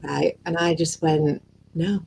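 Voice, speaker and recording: This guest on a video call is a woman with a lowish, fairly quick voice, spinning an animated, rambling story loaded with fillers and swearing. The low-quality recording has faint background noise.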